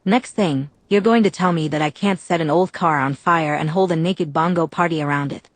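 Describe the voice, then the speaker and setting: A woman's voice: sits low, normal speed, dry recording. A woman reading the part of a playful, saucy young woman who jokes in an exaggerated way. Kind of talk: audiobook reading.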